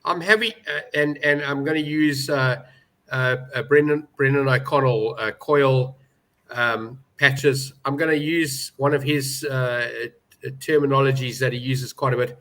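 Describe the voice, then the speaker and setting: A man's voice: medium pitch, steady tone, measured pace, a bit bright, low-quality recording. A man giving opinionated betting views in a casual panel chat, stressing his points hard. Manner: opinionated, emphatic about prices. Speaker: betting pundit.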